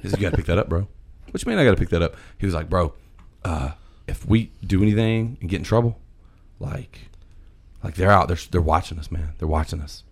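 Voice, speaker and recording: A man telling a long story in casual chat, animated, swearing and quoting his friends. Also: deep voice, fairly quick, creaky, breathy edge.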